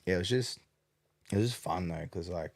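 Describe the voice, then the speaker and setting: A man's voice: deep voice, brisk, creaky, breathy edge. A man chatting casually as a podcast guest, rambling with lots of fillers and casual swearing. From Australia. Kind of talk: casual chat.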